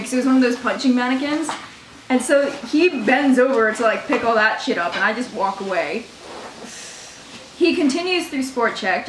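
A fairly high-voiced young woman chats through a vlog story, cursing without restraint and breaking into laughter. She mocks the people she quotes. The recording is roomy and echoey, with a faint hiss behind her. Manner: swears freely, laughs often, mocks by quoting others. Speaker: vlogger. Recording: echoey room with faint noise.

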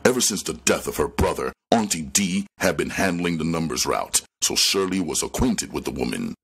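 A man reading a crime novel aloud with expressive storytelling narration. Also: very deep voice, moderate pace, creaky, husky. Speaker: audiobook reader.

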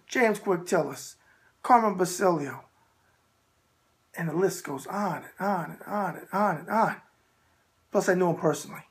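Blunt animated male host answering mail. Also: sits high. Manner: blunt, animated, repeats catchphrases. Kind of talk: casual emphatic talk.

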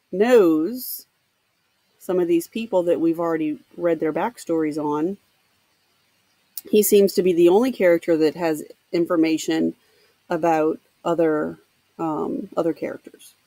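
A woman teacher reading a novel aloud for her students, pausing to explain with casual asides. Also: lowish voice, dark tone, no room sound. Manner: pauses to explain to students, with fillers. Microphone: home computer mic.

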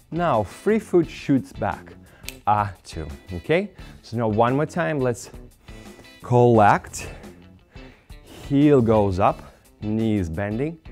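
A man's voice: medium pitch, a little mellow. A man teaching a dance lesson while demonstrating, counting beats aloud, slightly out of breath, with non-native phrasing. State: out of breath from dancing.

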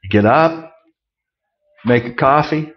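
A middle-aged man preaching a conversational sermon, folksy with joking asides, swinging from loud emphasis to quiet remarks. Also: medium pitch, slow pace, highs cut off. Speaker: pastor.

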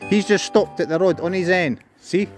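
A man's voice: high-pitched, normal speed, soft background music. A Scottish man vlogging outdoors while walking his dog, blunt and sweary, giving commands. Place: outdoors on a seafront by a road.

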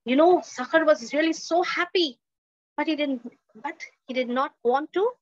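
A woman with a high voice tells a story with dramatic flair, repeating phrases and putting questions to her audience. The sound is dry and a little dull, like a lo-fi recording. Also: moderate pace, no room sound. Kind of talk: oral storytelling at a festival. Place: indoor festival stage.

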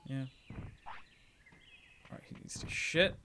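A man's voice: slow, sharp tone, slight background noise. A man streaming a video game, chatting casually and joking while he thinks aloud about the game's stats.

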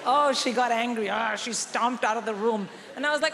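A woman's voice: on the high side, normal speed, vocal fry, few pauses. A middle-aged woman performing a stand-up comedy set, punchy and conspiratorial, mock-lecturing the crowd. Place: large theatre stage. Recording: live theatre hall with audience.

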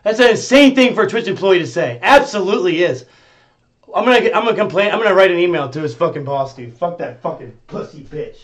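A man with a high voice for his sex rants at his live-stream chat. He is profane and confrontational, dropping to sullen mutters, then rising to yelling. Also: animated, fast talker. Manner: swings between muttering and yelling. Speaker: livestreamer.

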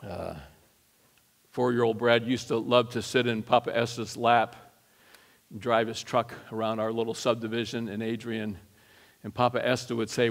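A man's voice: normal speed, gravelly. Folksy man preaching in a reverberant church. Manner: folksy and animated, rising loud and high for punch lines. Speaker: guest preacher. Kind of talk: storytelling sermon. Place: church sanctuary.

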